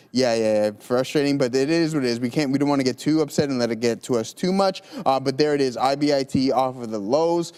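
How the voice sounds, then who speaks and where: A man co-hosting a live trading stream, explaining his trades in a casual, measured way. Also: medium pitch, a little mellow, clean tone. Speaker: co-host trader.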